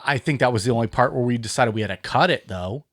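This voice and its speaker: A man's voice: mid-range voice, fast talker, fairly bright tone, dry recording, studio quality. A man co-hosting a podcast in casual chat, talking bluntly, swearing freely and chiming in over the others. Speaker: podcast co-host.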